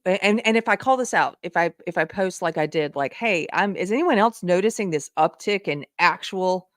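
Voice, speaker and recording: A woman's voice: mid-range voice, fairly bright tone, dry recording, studio quality. A woman hosting a live online commentary show, talking in an impassioned way that climbs into exasperated outbursts. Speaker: show host.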